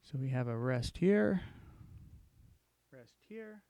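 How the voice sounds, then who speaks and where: A man's voice: mid-range voice, lively intonation, takes it slowly, gravelly, mellow, dry recording. A male music teacher reading worksheet instructions aloud and counting beats as he walks through the exercises.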